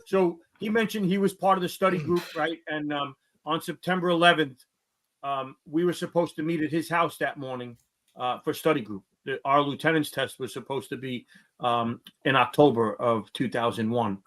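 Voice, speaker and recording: A man is the guest of honor, a fire chief on the verge of retirement. His voice sits a little high. He talks earnestly and reflectively, pausing on um as he gathers his thoughts. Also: a bit bright. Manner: earnest, reflective, many ums. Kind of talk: casual chat.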